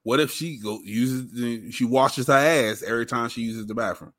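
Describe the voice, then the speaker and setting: A man's voice: mid-range voice, normal speed, a bit bright. A man co-hosting a podcast in casual chat, laid-back and teasing, happy to play devil's advocate. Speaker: podcast co-host.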